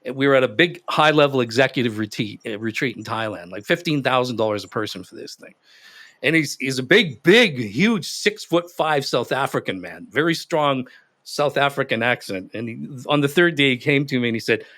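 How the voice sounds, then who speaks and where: A man in an interview, telling stories in an animated, emphatic way. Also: medium pitch, fairly quick. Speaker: guest expert. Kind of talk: interview conversation.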